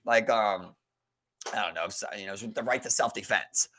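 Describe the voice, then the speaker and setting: A young man from Maryland co-hosts a podcast, telling a profane story in casual chat and leaning heavily on "like" and "bro." His voice is lowish and sharp in tone, at a normal speed.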